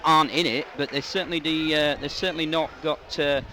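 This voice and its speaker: A man giving live radio commentary on a rugby league match, his voice rising into shouts on attacking plays. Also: on the high side, steady tone, a little fast. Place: stadium commentary position. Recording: outdoor stadium with loud crowd and noise.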